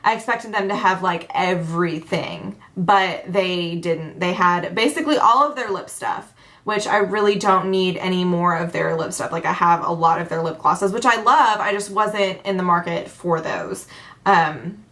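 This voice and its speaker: A woman's voice: normal speed, a bit bright. A woman in her twenties from Tennessee, chatting casually to camera as a beauty vlogger, bubbly and talkative. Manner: bubbly, chatty, acts out quotes with big pitch jumps.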